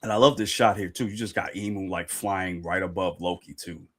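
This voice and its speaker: A man hosting a live reaction stream, excitable and slangy, often repeating his phrases. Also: a little fast. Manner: reads dialogue aloud in a dramatic low voice.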